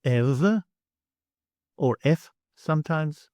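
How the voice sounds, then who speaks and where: A man teaching pronunciation, saying each example word slowly and then repeating it, exaggerating the sounds for clarity. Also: medium pitch, a little mellow, no echo, studio quality. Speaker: language teacher. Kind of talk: slow, deliberate pronunciation lesson.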